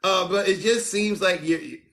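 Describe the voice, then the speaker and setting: Guy hosting a politics chat, kinda high voice, dry sarcastic teasing. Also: steady tone, a little slow, a bit bright. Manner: sarcastic, mock-innocent questions. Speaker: political commentary host.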